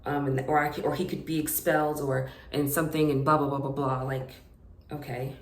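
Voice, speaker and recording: A young woman telling a personal story in an unscripted vlog, halting, with many fillers and restarts. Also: low-pitched, flat delivery, reverberant. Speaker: vlogger.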